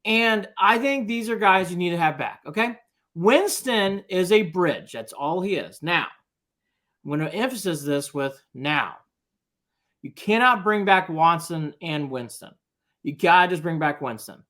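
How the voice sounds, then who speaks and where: A man's voice: sits high, animated, unhurried, pushed and bright. A man co-hosting a sports talk show, laying out his points with emphasis. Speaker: co-host.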